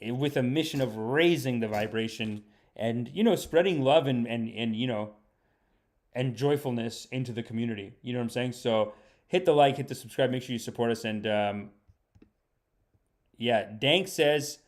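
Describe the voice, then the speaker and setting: A man's voice: medium pitch, moderate pace. A man hosting a late-night livestream, joking and rambling while reading viewer comments. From Canada. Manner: joking, rambling, reads chat aloud. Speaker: livestream podcast host. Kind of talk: casual comedic livestream chat.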